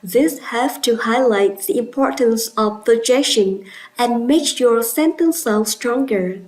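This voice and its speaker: A woman with a Vietnamese accent teaching an English pronunciation lesson in a clear, instructive way, praising her students. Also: a little high, slow, darkish tone, low-quality recording. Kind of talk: classroom lesson.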